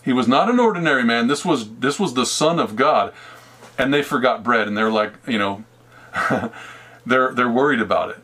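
A man's voice: medium pitch, normal speed, fairly bright tone, slightly rough. A man giving a casual sermon, talking conversationally and acting out imagined dialogue with God, with laughs now and then. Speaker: preacher.

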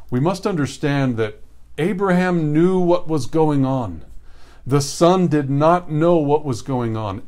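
A man delivers a sermon in an earnest, storytelling manner, his voice sitting at an ordinary middle pitch. He leans on rhetorical questions and dramatic pauses to draw listeners in. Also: darkish tone. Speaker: preacher.

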